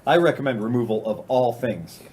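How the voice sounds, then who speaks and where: A man's voice: mid-range voice, animated, a little fast, a little mellow, slight background noise. A man co-hosting a casual motorcycle talk show, joking and rambling with friends. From Ohio, USA. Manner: joking, rambling, laughs often. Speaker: podcast co-host. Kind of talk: casual banter.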